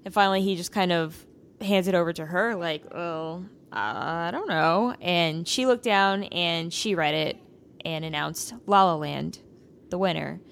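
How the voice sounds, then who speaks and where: A woman's voice: on the low side, moderate pace, creaky, a little hiss or hum. A woman co-hosting a casual chat, narrating events in step-by-step detail. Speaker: podcast co-host.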